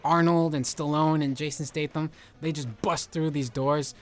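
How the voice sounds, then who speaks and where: Rambling, excitable young-sounding man. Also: a little high, normal speed. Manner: rambling, excitable, heavy use of "like". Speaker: video game reviewer. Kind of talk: casual game commentary.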